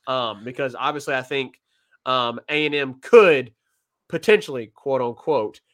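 A man's voice: mid-range voice, unhurried, a bit bright. A man co-hosting a sports podcast, chatting casually and often laughing, with plenty of fillers.

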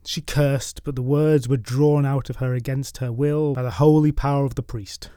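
A man narrating folklore stories from a script, with wry, deadpan asides. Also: medium pitch, moderate pace, hardly any pauses, smooth, no room sound, clean studio sound. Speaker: storytelling podcast host.

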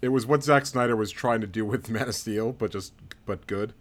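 A man's voice: on the low side, moderate pace. Chuckling man on a podcast. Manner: laughs often, wry jokes. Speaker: podcast guest. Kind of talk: casual chat.

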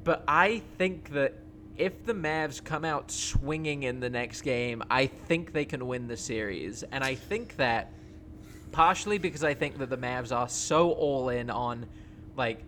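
A man in casual sports chat, talking in an excited, rambling way with many fillers. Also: medium pitch, unhurried, a little hiss or hum.

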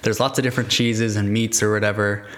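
Easygoing man, slightly low voice. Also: fast talker. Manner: relaxed, heavy use of "like", easygoing laughs. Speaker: podcast co-host. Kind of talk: casual chat.

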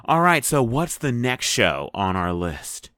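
Male co-host, rambly and halting, bright smooth voice, dry sound. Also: medium pitch, big pitch swings, no echo. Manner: rambling, hesitant, many fillers. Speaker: podcast co-host. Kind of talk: casual TV review chat.

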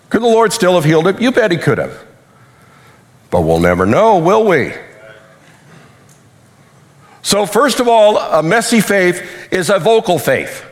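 A man preaching a sermon with animated delivery, acting out quotes, while losing his voice. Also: a little high. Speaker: pastor.

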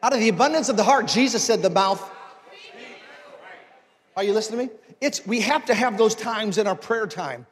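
A male pastor preaching a sermon, moving from conversational talk to forceful exhortation. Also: sits high, brisk, long pauses, big-room sound.

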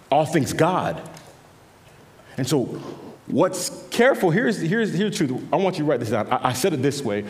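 A man preaching a sermon as pastor, swinging between quiet intimate passages and louder emphatic lines, often repeating words as he builds a point. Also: high voice, normal speed. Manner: animated preaching, drops to quiet intimate tones and rises for emphasis. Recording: long reverb of a large hall.

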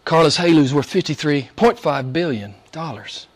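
A pastor preaching a sermon to his congregation, impassioned and repeating key phrases, swinging between soft and loud emphasis. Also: on the high side, expressive, moderate pace.

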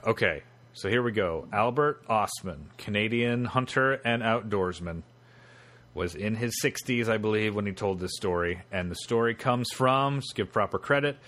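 Wry, low-voiced man on a podcast. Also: moderate pace, fairly bright tone. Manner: wry, sarcastic asides. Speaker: podcast co-host telling a story. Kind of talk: casual podcast chat, reading excerpts aloud.

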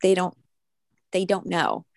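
Gravelly-voiced woman podcast host. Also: fairly low pitch, level tone, unhurried, darkish tone, dry recording. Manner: rambling, many fillers and restarts. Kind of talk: casual spiritual podcast chat.

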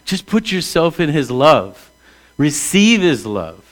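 A man's voice: fairly high pitch, big pitch swings, takes it slowly. Pastor in his sixties preaching conversationally. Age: 60s. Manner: conversational storytelling, swings from hushed to emphatic. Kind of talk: sermon.

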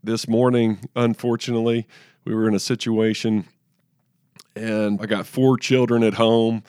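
Speaking at a normal speed with a level tone, a man in his thirties co-hosts a casual faith podcast, earnestly recounting personal stories and restarting often. His voice sits on the low side and sounds a little mellow, clear and resonant. The studio sound is clean, with no echo.

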